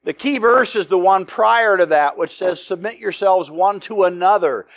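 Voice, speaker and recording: A man teaching a Bible study, telling the stories in a lively way, acting out the quotes and adding joking asides. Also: high-pitched, moderate pace, gravelly. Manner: animated storytelling with acted-out quotes and joking asides.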